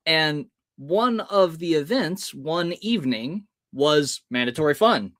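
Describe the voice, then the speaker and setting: A man telling a story as an interview guest, his pitch rising and falling a lot. He slips into the voices of the people in his story as he goes. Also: slow, few pauses, dry recording, studio quality. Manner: lively, acts out the voices in his stories.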